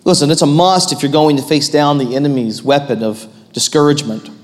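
A man in his thirties preaching a sermon as pastor, animated and rising to loud, emphatic peaks. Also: a little high, fairly quick, in a large hall.

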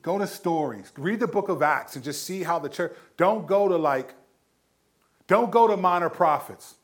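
A man's voice: high voice, moderate pace. A man hosting a faith talk show, casually giving Bible advice with easygoing slang and frequent chuckles. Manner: laid-back and slangy, chuckles often, many restarts. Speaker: Christian podcast host answering questions.

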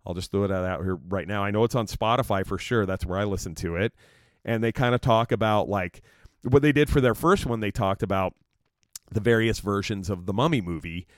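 A man's voice: on the low side, fairly quick, dry recording, studio quality. A man hosting his own podcast, telling a story in a rambling, casual way with lots of fillers and swearing. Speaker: podcast host.

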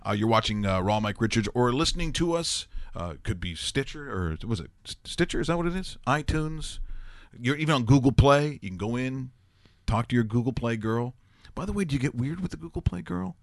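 A man's voice: medium pitch, a little fast, dry recording, clean studio sound. A man hosting a sports talk show, telling rambling jokey stories in casual banter. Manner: rambling, joking, animated storytelling.

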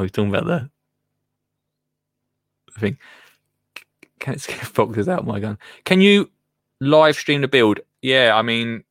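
A man's voice: mid-range voice, fairly bright tone, dry recording, clean studio sound. A man from England hosting a live show, chatting casually and rambling as he reads out listener comments, laughing often and trailing off into mutters. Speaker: radio show host.

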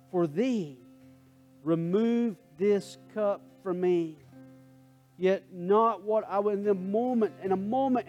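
A male pastor preaching a sermon, swinging between hushed prayer and loud, emphatic calls to the congregation. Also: high-pitched. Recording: faint guitar music underneath.

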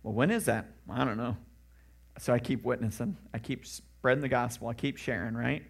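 A man's voice: medium pitch, normal speed, gravelly, slightly rough. A man, a pastor, preaching a sermon in an earnest, conversational way with emphatic rising questions.

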